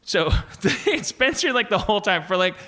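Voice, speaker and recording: Male podcast host, bright tone, rambling comic storyteller. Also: sits high, sing-song, moderate pace. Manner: rambling, restarts a lot, swears freely, acts out voices. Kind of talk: casual comedic storytelling. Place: podcast stage with live audience.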